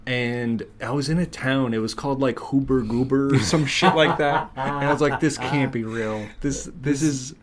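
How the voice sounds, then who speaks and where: A man's voice: medium pitch, steady tone, moderate pace, few pauses, over a noisy crowd. A man co-hosting a casual podcast, joking and laughing often, with playful mock accents. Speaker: podcast co-host. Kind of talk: casual chat.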